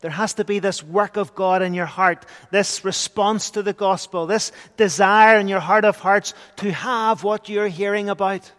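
A man's voice: high voice, steady tone, moderate pace, hardly any pauses, a bit bright. A man preaching a sermon in a church, earnest, with emphatic swells. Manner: earnest, rising to emphatic bursts. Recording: long church hall reverb.

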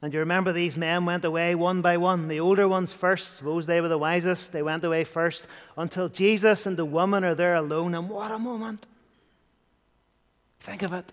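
A man preaching a sermon, his voice sitting a little higher than most. He is earnest and now and then sinks to a hush to press a point. A long reverb trails after his words. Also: level tone, a little fast, hardly any pauses. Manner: earnest preaching, dropping to hushed tones for emphasis.

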